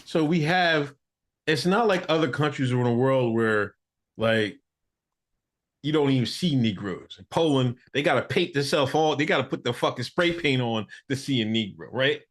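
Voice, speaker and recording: A man co-hosting a podcast in casual chat, animated and laughing. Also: normal speed. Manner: animated, laughing, swings pitch widely when making a point. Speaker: podcast co-host.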